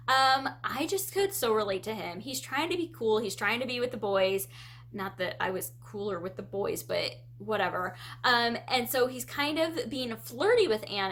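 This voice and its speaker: A woman with a bright, somewhat high voice talks through a book tag in a casual vlog. She is animated and jumps into playful quoted reactions as she goes. Her tone is chatty and expressive. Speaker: book vlogger; parent.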